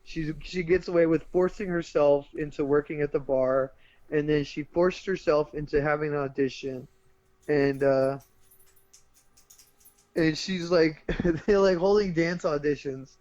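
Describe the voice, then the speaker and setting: A high-voiced man tells a movie plot to his podcast co-host in a loose, profane, animated way, laughing as he goes. His voice is fairly high for a man. The sound is dry and dull, like a lo-fi mic with no room in it. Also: a little slow, no echo. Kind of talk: casual chat.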